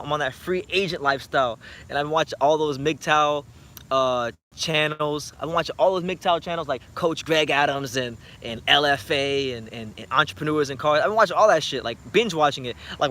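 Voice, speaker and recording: Blunt, bright-voiced young man vlogging. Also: a little high. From South Florida. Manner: blunt, profane, joking. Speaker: boxing YouTuber. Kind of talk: casual late-night vlog chat.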